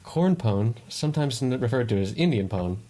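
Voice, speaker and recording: A man's voice: mid-range voice, animated, normal speed, warm tone. A man co-hosting a podcast in casual chat, giving meandering explanations with many restarts. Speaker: podcast co-host.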